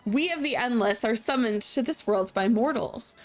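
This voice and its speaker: A woman voicing an ancient dragon, reading its archaic lines slowly and formally. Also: fairly high pitch, animated, faint music behind. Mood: solemn. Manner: slow, measured, formal old-fashioned phrasing. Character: ancient solemn dragon speaking archaic English.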